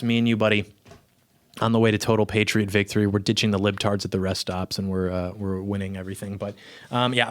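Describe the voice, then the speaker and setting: A young adult man, a YouTube commentator, chatting casually and rambling to camera from his home studio, often cutting himself off mid-sentence. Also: mid-range voice. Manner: rambling, self-interrupting, offhand. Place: small home video studio.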